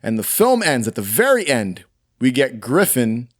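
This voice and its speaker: A man co-hosting a film podcast, chatting casually and recapping with quick asides. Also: medium pitch, huge pitch swings. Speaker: podcast co-host. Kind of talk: casual chat reviewing a film.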